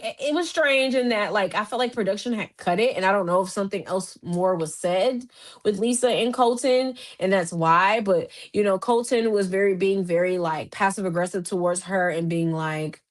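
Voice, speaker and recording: Animated chatty woman podcast host. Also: normal speed. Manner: animated, chatty, frequent fillers and restarts; voice jumps higher when excited. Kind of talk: casual recap commentary.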